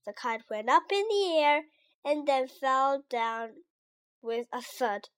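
A woman reading a children's storybook aloud in a slow, clear and deliberate way. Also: high voice, lively intonation.

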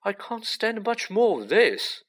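A man voicing a nervous schoolboy in a high, anxious voice. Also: sing-song, a little slow, exaggerated voice. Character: nervous, jittery schoolboy friend.

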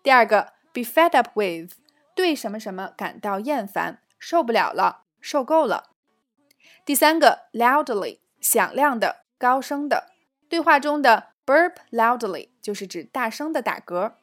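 High-voiced woman teaching phrases. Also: big pitch swings. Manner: reads dialogues slowly, then explains in Chinese. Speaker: English teacher. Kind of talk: scripted English lesson.

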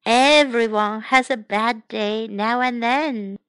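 Woman as a patient mama pig in a storybook, soft and motherly, bright voice. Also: fairly high pitch, slow pace, clear, resonant tone, dry recording. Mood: gentle. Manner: gentle, calm, motherly.

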